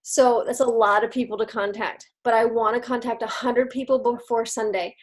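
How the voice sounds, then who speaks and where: Upbeat woman team leader, slightly high voice, casual video-call pep talk. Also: flat delivery, moderate pace. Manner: upbeat, laughs often, chatty with fillers.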